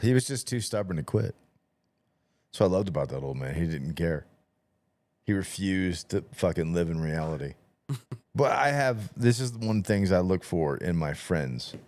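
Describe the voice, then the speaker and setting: A man's voice: sits low, animated, moderate pace, darkish tone, no echo. A man hosting a podcast in casual chat, telling stories with lots of swearing and acting out both sides of each exchange. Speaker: podcast host.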